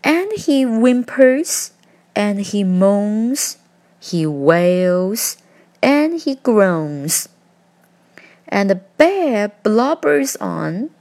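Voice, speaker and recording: A woman reading a rhyming picture book aloud, with an expressive, rhythmic delivery. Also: mid-range voice, very slow. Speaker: storyteller.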